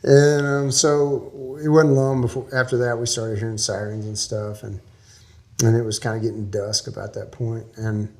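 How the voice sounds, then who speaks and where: A man's voice: medium pitch, level tone, normal speed, slight background noise. A man from Texas, a guest in an interview, telling a long story in a folksy, rambling way with small laughs.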